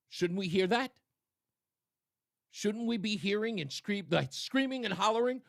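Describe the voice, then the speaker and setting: Sarcastic, bright-voiced male radio host. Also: high-pitched, measured pace, long pauses, no room sound, clean studio sound. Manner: sarcastic, mocking, emphatic. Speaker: radio talk show host. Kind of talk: political talk radio commentary.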